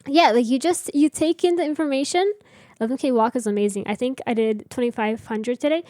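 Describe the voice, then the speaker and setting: A woman's voice: sits high, a little fast, darkish tone, no echo, studio quality. A young woman streamer chatting casually with her viewers while building in a game, rambling and answering chat.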